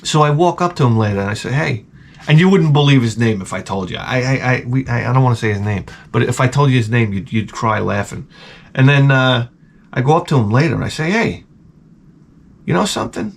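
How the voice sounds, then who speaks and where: A man telling a rambling, profane comic story with deadpan asides, as a vlogger. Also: medium pitch, quick pace.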